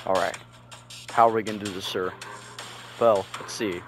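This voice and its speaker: A man playing a grim, low-voiced American commander. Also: steady tone, normal speed, a bit bright. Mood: grave. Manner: low, grave, muttered delivery. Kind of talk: game roleplay voice acting.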